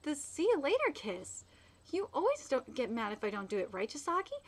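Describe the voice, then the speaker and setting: Gentle young man, as a woman reads his lines, easygoing, high voice, lively pitch. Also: a little fast. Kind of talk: reading manga aloud.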